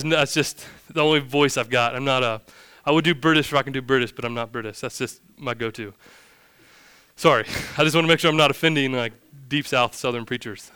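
A man's voice: fairly high pitch, a bit bright, clear, resonant tone, dry recording, clean studio sound. A male pastor giving a sermon in a casual style with joking asides.

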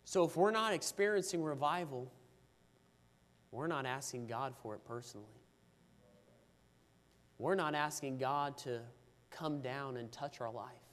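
A man's voice: a little high, fairly bright tone, in a large hall. A man preaching a sermon, telling a story about his daughter and then pleading earnestly in prayer for revival. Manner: fervent, rising to pleading intensity in prayer.

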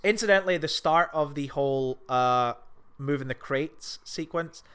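A podcast co-host in a casual film chat, this man tumbles through his thoughts, restarting often and swearing a lot. His bright, smooth voice sits slightly higher than most men's, moving at a normal speed. He grows animated and excitable as he rambles on.

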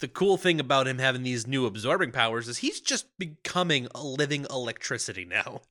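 A man with a medium-pitched, sharply bright voice recaps movie scenes for his co-host. He laughs often and moves his pitch around, acting out bits of the plot with quick quotes. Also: animated. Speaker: podcast co-host. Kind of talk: casual comedic movie chat.

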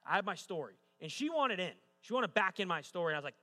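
A man's voice: a little high, lively intonation, very fast, hardly any pauses, bright, forceful tone. A young adult man preaching a sermon as pastor, moving from joking storytelling to emphatic preaching. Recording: long reverb of a large hall.

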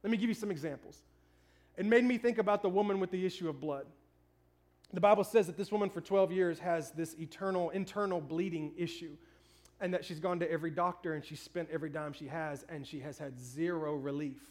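A man in his thirties preaching a sermon, telling a funny story about himself in an animated way. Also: fairly high pitch, a little fast. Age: 30s. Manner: storytelling, animated, self-mocking. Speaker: pastor.

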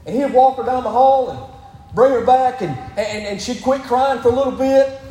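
Emphatic high-voiced pastor preaching in a hall. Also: male voice, moderate pace, warm tone. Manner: emphatic, repeatedly urging "listen". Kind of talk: sermon. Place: church sanctuary. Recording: echoey hall.

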